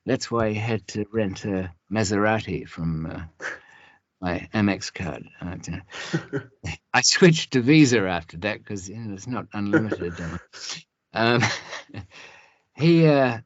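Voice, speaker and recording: A podcast guest with a low voice tells rambling stories full of asides and restarts. His pitch swings widely as he talks. The recording is dry and slightly dull. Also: animated, slow, pauses often, no echo. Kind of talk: casual storytelling.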